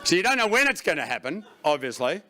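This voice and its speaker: A middle-aged man performing a stand-up comedy routine on stage, breaking into loud shouted bursts. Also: fairly high pitch, sing-song, fast talker, background noise. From Australia. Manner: swings into loud shouted bursts for acted panic. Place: stage before a laughing audience.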